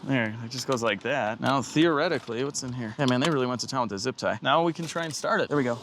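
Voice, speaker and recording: A man vlogging while he repairs a car outdoors, joking with viewers in an excitable running commentary. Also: medium pitch, fast talker, background noise. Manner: excitable, jokey, talks to viewers. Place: outdoors in the sun.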